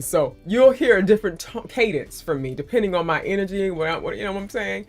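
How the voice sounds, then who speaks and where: A woman with a deep, resonant voice hosting a casual live-stream chat, animated and quick to laugh. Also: soft background music. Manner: animated, expressive, laughs easily.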